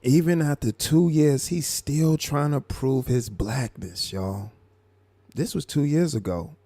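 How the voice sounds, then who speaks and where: A man hosting a live stream, commenting on a clip in a mocking, animated way. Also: mid-range voice, no echo. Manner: mocking, animated, drawn-out asides. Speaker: live show host.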